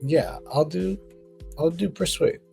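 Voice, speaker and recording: A man's voice: on the high side, a little slow, gravelly, a little mellow, breathy edge, soft background music. A man playing in a comedy tabletop game, chatting casually and joking. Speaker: player.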